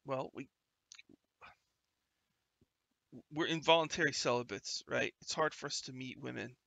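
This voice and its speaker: Guy doing a whiny defensive young thug, gravelly and bright. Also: medium pitch, a little fast.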